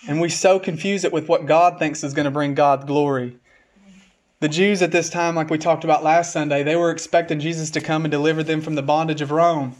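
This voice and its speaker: A man preaching a sermon as pastor, reading scripture aloud and slowing down to stress key words, then building up with repeated phrases. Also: on the high side, fairly even intonation.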